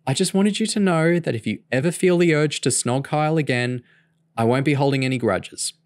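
A man's voice: a little high, fairly quick, no echo, studio quality, voice pushed up, lightly acted. A man voicing a sporty, teasing teenage girl while reading a novel aloud. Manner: teasing, a touch sharp.

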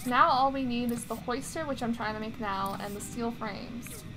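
A woman's voice: on the high side, fairly even intonation, moderate pace, noisy background. A young woman giving casual, chatty gameplay commentary, often exasperated and grumbling mildly. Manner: exasperated, chatty, mild swearing. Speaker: gaming streamer.

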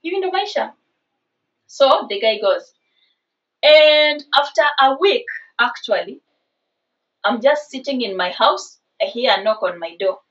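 Casting note: Kenyan woman in her twenties, high voice, lively storyteller, slightly distant dull recording. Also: unhurried. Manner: animated, mixes in Swahili slang. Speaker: vlogger. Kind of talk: casual storytime.

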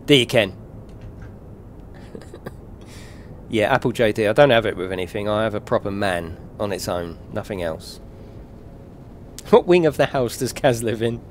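Jokey British man streaming, lively voice. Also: on the low side, a little slow, pauses often, slight background noise. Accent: British English. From England. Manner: chatty and jokey, swears, laughs often. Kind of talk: casual live-stream chat while playing.

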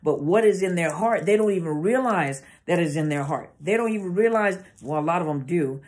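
A woman's voice: lowish voice, expressive, brisk, a little mellow. A woman therapist giving an informal educational talk to camera, conversational and often searching for words with restarts. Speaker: therapist speaking on narcissistic abuse. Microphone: camera mic.

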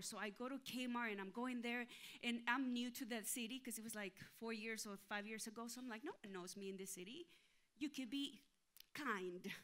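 A woman pastor preaches in a bright, ringing voice that sits a little high. She tells a story with lively energy and acts out her own thoughts and the other people in it as she goes. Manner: animated, acts out inner voices and quotes. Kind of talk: sermon with storytelling.

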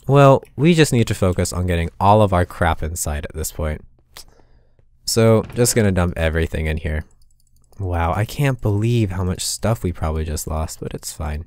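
A man's voice: deep voice, normal speed, darkish tone, no echo, studio quality. A man giving casual commentary over his own gameplay, muttering asides to himself and breaking into sudden exasperated outbursts. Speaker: gaming channel host.

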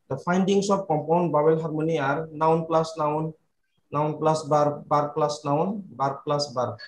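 A man giving a linguistics paper at an academic conference, reading his slides haltingly with pauses and fillers. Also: on the high side, echoey room, poor audio. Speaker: conference presenter. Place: online conference, home or office.

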